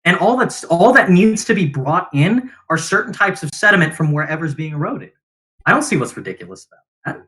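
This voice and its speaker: Bright-voiced man rebutting in a debate. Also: a little high, sing-song, poor audio. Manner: quick rebuttals, hedging when unsure. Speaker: geology student debater. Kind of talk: online debate argument. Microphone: video call audio.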